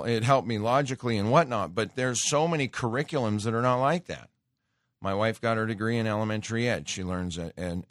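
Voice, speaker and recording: A man with a deep, low voice talks through a loose, rambling studio monologue as a show host. He doubles back and restarts often. The sound is close and dry, with no room around it. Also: a bit bright, no room sound. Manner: rambling, conversational, with frequent restarts and filler. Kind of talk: casual radio monologue. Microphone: studio microphone.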